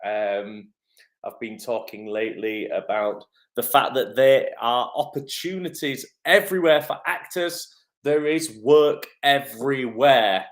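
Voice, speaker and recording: A man's voice: medium pitch, unhurried. A man, an acting coach running a live-stream Q&A from his home kitchen, chatty and upbeat with lots of ums. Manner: chatty and upbeat, many "um" fillers. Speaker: acting coach and agency head.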